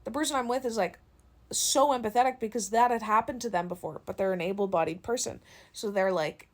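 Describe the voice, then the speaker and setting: A woman's voice: a little high, brisk. A young woman and content creator venting in a casual vlog, telling stories with lots of swearing and laughter into a phone. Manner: profane, animated storytelling with laughs.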